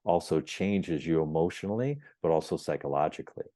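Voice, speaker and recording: A man on a podcast telling his story as the guest, animated, acting out the dialogue as he goes. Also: extremely low pitch, brisk, no echo, clean studio sound. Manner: emphatic and repetitive phrasing. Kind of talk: storytelling in an interview.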